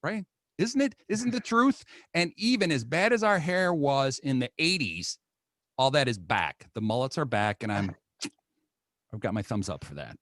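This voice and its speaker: A man's voice: medium pitch, sing-song, normal speed, fairly bright tone, no echo, studio quality. An American man hosting an interview over a video call, upbeat and playful in casual chat. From United States. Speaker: host.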